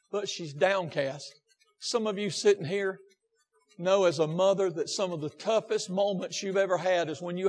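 A man preaching a sermon in a folksy way, dropping to a hush and then rising to an impassioned pitch. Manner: folksy, swings from hushed to impassioned. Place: church hall. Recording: long hall reverb.

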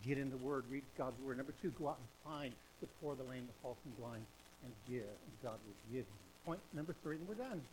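A man preaching an evangelistic sermon in an old-fashioned revival style, with emphatic repetition and swings between loud exhortation and hushed intensity. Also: mid-range voice, a little fast, noisy background.

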